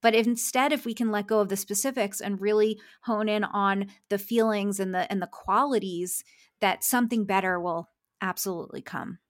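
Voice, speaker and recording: A woman's voice: mid-range voice, moderate pace. A woman, a success coach, talking earnestly in a podcast interview and laughing often.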